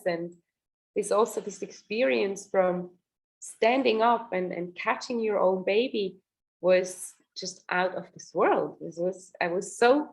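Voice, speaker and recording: An earnest woman in her thirties tells a personal story at a mid pitch, in halting bursts. She often restarts and repeats words while she searches for them. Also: low-quality recording. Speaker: doula, guest. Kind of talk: personal birth story in a podcast interview.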